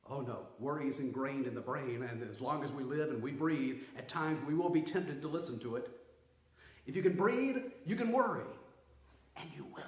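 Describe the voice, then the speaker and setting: A man preaching a sermon with a slightly high voice, pressing his points hard and then dropping to a hush. He is the pastor, speaking in a church sanctuary with a roomy echo behind his words. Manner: emphatic preaching with swings from loud to hushed.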